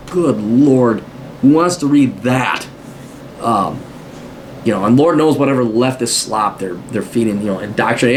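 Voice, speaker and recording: A man's voice: lowish voice, measured pace, a little hiss or hum. Blunt, sarcastic man giving advice. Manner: blunt, sarcastic, acts out mock quotes. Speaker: podcast host giving advice. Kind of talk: casual advice monologue.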